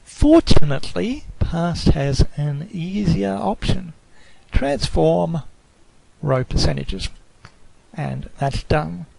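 A man giving a screencast tutorial on a statistics program, explaining slowly and carefully, sometimes correcting himself mid-sentence. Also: fairly high pitch, animated, vocal fry, warm tone, a little hiss or hum, poor audio. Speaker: lecturer.

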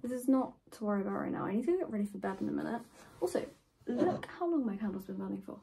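A teenage girl chatting excitedly in a casual vlog from her bedroom. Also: medium pitch, quick pace, gravelly. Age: teens. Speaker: vlogger. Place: bedroom at home.

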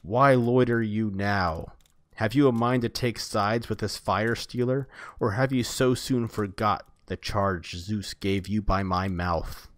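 A man reading aloud voices a fierce, pitiless male god who taunts and barks commands in a raised, forceful voice. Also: lowish voice, fairly even intonation, normal speed, no room sound, lightly acted. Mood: taunting.

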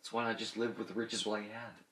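Very deep-voiced wry man, echoey room. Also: fairly even intonation, fairly bright tone. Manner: wry, laughs often, quick retorts. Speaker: co-host. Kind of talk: casual chat.

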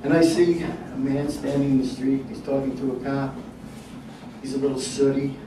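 A man's voice: mid-range voice, steady tone. A man doing a stand-up comedy set on a club stage, telling stories with wry timing. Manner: wry storytelling with punchline pauses. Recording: echoey room from a distance, noisy.

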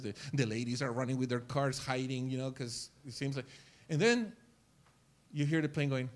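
A male pastor preaching a sermon in church, telling stories with lively acted-out scenes and repeating words as he gets excited. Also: mid-range voice, fairly quick. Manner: animated storytelling, acts out scenes.

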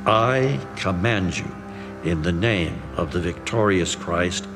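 A man speaking as an exorcist priest, with a slow, commanding delivery. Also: low-pitched, lively intonation, long reverb tail, music in the background.

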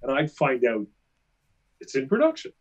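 A man telling animated, self-mocking anecdotes as a guest in a casual interview. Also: medium pitch, moderate pace, highs cut off.

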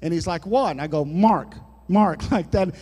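Preacher in a reverberant church. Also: male voice, fairly high pitch, expressive, fast talker, warm tone. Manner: folksy preaching with jokes and sudden dramatic drops in volume. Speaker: pastor. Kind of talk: sermon. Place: church sanctuary. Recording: long church hall reverb.

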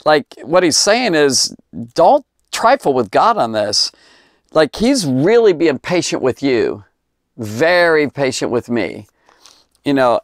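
A man's voice: mid-range voice, creaky, no room sound, studio quality. A man giving an informal, emotional Bible lesson who often laughs and lets his voice climb with enthusiasm. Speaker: Bible teacher.

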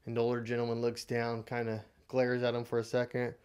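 A man vlogger telling a motivational story in an animated, dramatic way. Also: medium pitch, brisk, smooth.

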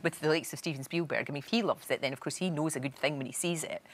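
A woman's voice: deep voice, rapid-fire. A woman hosting a talk show, chatting with a guest in an enthusiastic, affirming way and agreeing often. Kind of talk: chatty interview.

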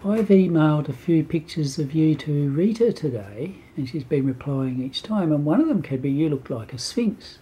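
Breathy older man cooing to a cat. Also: on the high side, lively intonation, moderate pace, few pauses. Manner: doting and chatty, drifts between cooing and soft whispering. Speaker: cat owner filming a video. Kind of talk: casual home video, cooing to a pet.

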